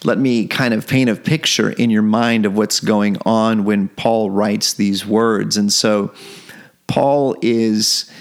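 A man's voice: on the low side, steady tone, slow. A man preaching a devotional sermon, earnest, repeating phrases and building toward fervor.

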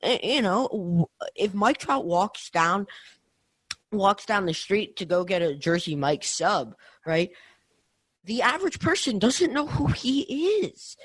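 A young man co-hosting a casual sports podcast, talking in an animated way with lots of restarts and tag questions. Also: high-pitched, unhurried, no room sound. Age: young adult. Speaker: podcast co-host.

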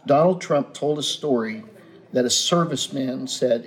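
A man's voice: medium pitch, moderate pace. A man who is a guest in a casual chat, speaking in earnest, philosophical pronouncements. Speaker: guest playwright.

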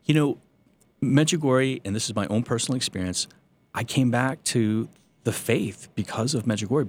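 A man's voice: mid-range voice, husky. A man, a Catholic priest, telling his personal faith testimony with earnest storytelling and self-deprecating humor.

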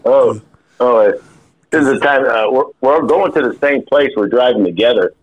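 A man's voice: mid-range voice, expressive, a little fast, low-quality recording. A man telling a funny story in casual podcast chat, laughing often and repeating his words as he goes. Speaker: podcast guest.

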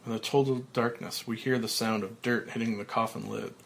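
A podcaster reading a screenplay's stage directions aloud in a slow, flat manner. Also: male voice, medium pitch, gravelly.

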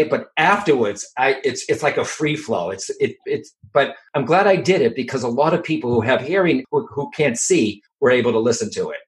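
In a casual interview, a middle-aged medium and author with a Boston accent chats in an animated way, restarting often. His pitch is medium, and the recording is rough.

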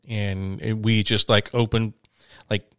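A man with a lowish voice tells a long, meandering travel story to his co-host. He trips over words and restarts his sentences often, keeping it casual. The sound is dry and close. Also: level tone, slow, fairly bright tone, smooth, no echo. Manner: rambling, frequent restarts and fillers. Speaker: podcast host, touring musician.

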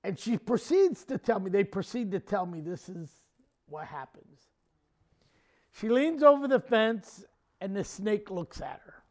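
A man's voice: sits high, big pitch swings, unhurried, darkish tone. A man preaching a sermon, telling a homely story with a folksy, chuckling manner. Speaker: pastor.

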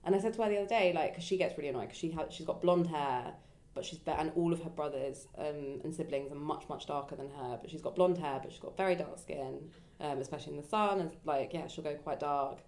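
A young woman, reflecting in casual conversation in a rambling way, jumping up high when she quotes people. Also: fast talker, hardly any pauses, darkish tone. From England.

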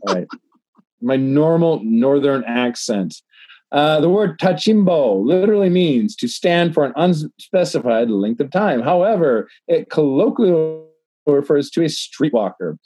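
A tipsy man co-hosting a casual podcast, reading news articles aloud in a slightly husky voice. He rambles, swears freely and keeps restarting his sentences. The sound is dry and close. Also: on the high side, very animated, moderate pace, mellow, dry recording. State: tipsy from drinking.

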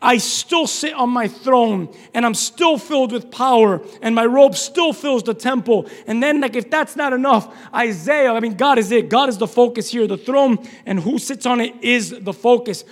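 A man preaching a sermon, shouting at times and then dropping to a hushed, low delivery. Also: moderate pace, hardly any pauses. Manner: shouting, dramatic swings from loud to hushed. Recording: long reverb of a large hall.

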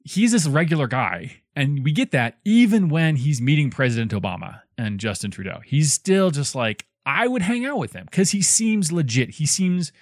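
A man's voice: on the high side, moderate pace, few pauses, dry recording, studio quality. A man co-hosting a podcast, chatting casually about a book in a rambling way with many fillers. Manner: animated, rambling with fillers and restarts. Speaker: podcast co-host reviewing a book. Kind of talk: casual chat.

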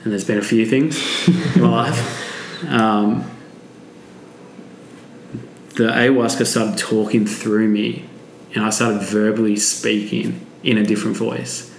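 Flat low-voiced man telling a wild story. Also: slow, vocal fry, long pauses, a little hiss or hum. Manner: vivid, swearing, acts out quotes. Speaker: podcast guest. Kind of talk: emotional personal storytelling. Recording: echoey room.

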